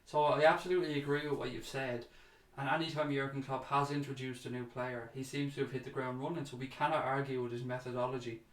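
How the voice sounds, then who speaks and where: A man's voice: medium pitch, fairly even intonation, fast, few pauses, reverberant. A man hosting a casual fan chat livestream, reading out viewer comments and chatting back to them, calling people mate.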